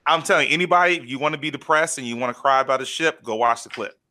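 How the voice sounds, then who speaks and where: A man's voice: mid-range voice, fast, sharp tone. A man in casual podcast chat, animatedly retelling a story and acting out quotes. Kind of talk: casual chat recapping an anime.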